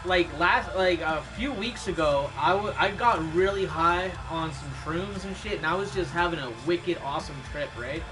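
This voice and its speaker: A man's voice: fairly high pitch, moderate pace, few pauses. A man streaming, chatting casually in a laid-back way, swearing often and laughing at his own stories. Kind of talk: casual rambling chat. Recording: music playing in the background. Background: music.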